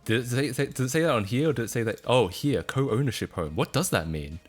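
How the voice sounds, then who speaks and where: A man's voice: mid-range voice, lively intonation, fast, soft background music. A man chatting casually on a livestream, laughing often and breaking into incredulous outbursts.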